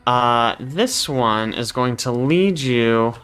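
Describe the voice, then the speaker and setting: Lively bright-voiced game master man. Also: medium pitch, takes it slowly, smooth, faint music behind. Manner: bright, lively, often hesitant with fillers. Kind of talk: narrating a tabletop game.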